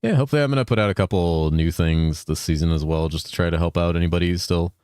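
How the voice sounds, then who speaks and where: A man's voice: sits low, fast, darkish tone, smooth, no room sound, studio quality. A man streaming a video game, chatting casually, explaining items and thanking viewers, with loose joking talk and some swearing. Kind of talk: casual gameplay chat.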